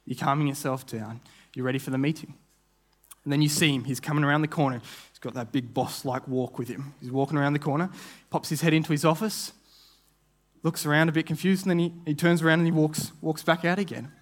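A man's voice: fairly high pitch, fairly even intonation, a little fast. A young man preaching a sermon, telling a vivid story with frequent restarts and repeated words. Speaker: guest preacher.

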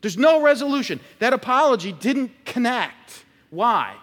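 Lively-voiced pastor preaching in a reverberant church. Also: male voice, very high voice, a little slow. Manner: conversational preaching with illustrations and acted-out quotes. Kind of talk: sermon. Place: church sanctuary.

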